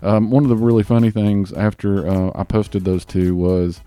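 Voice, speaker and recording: A man with a Southern US accent hosting a podcast in casual chat, rambling with fillers and restarts and talking a bit fast. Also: fairly low pitch, little pitch movement, mellow, clear, resonant tone, faint music behind. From Southern US (Tennessee). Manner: talks a bit fast on mic. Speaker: podcast host.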